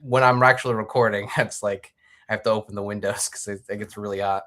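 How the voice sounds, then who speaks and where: A man's voice: lowish voice, steady tone, fast talker, fairly bright tone. A man guesting on a podcast, chatting casually and enthusiastically about his own comics over a video call, rambling a little. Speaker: guest, comic book creator. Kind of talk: casual chat.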